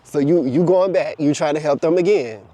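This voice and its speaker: Man, casual spiritual talk, animated storytelling, fairly high pitch, warm mellow tone. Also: normal speed, no room sound. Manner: animated storytelling, acting out quoted voices, casual swearing. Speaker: spiritual content creator.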